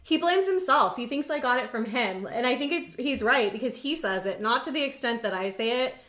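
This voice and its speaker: A woman's voice: fairly high pitch, lively intonation, brisk, a bit bright. A young woman with a Californian accent, chatting casually as a podcast co-host and using lots of filler words. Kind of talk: casual chat. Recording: roomy echo.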